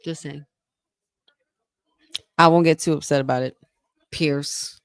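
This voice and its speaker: Low-voiced woman, chatty watch-along co-host. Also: fairly even intonation, slow pace, no room sound, studio quality. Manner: chatty, reacts aloud and reads viewer comments. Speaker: wrestling podcast co-host. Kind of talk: casual live watch-along chat.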